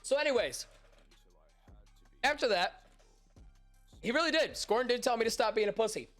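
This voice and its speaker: A man's voice: extremely high pitch, sing-song, moderate pace, a bit bright, faint music behind. Congested, crude-joking male stream host. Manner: crude, joking, self-mocking, swears a lot. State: congested, stuffy nose from allergies. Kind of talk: casual rambling chat to a live stream chat.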